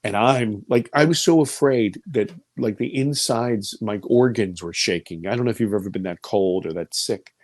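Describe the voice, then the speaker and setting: A man in his fifties telling a personal story as an interview guest, voice leaping high when he quotes himself and sinking low and hushed when he recalls fear. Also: moderate pace, hardly any pauses, no echo. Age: 50s. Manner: animated, voice rising high for quoted speech and dropping low and quiet for fear.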